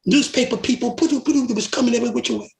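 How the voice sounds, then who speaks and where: A man's voice: very high-pitched, fast, gravelly. An older man spins stories from a long career, laughing often and acting out the voices of the people in them. His voice carries a roomy echo from the space around him. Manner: animated storyteller, laughs often, acts out voices. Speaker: guest singer. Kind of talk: storytelling interview.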